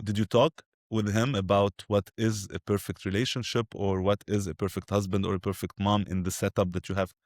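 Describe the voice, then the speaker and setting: A man hosting a podcast interview, asking measured, slightly halting questions. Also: lowish voice, dry recording, studio quality. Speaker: podcast host.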